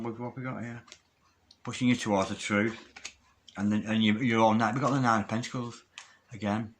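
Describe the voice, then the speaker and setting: A man's voice: medium pitch, a bit bright, slight background noise. Chatty man giving a tarot reading. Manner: chatty and emphatic, swears casually. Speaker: tarot reader.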